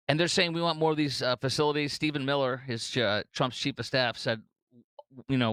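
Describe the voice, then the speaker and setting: A middle-aged man runs his own commentary show in an effusive, emotional flow, stumbling over restarts as he goes. His voice is smooth and resonant at a middle pitch, and the sound is dry and close. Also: fairly even intonation, brisk, a bit bright, no room sound. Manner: effusive, emotional, breaks into laughter; restarts and repeats words. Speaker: podcast host. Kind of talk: political commentary monologue.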